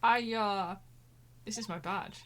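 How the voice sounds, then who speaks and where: A woman's voice: mid-range voice, takes it slowly, fairly bright tone. A woman reading a flustered young lawyer. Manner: exasperated, stammering. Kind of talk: reading game dialogue aloud.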